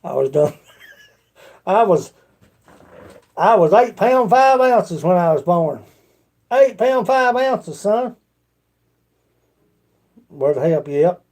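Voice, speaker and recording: A man's voice: sits high, expressive, takes it slowly, long pauses, darkish tone. A man with an Appalachian accent, chatting casually with his livestream viewers in a rambling, folksy way. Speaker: livestream host.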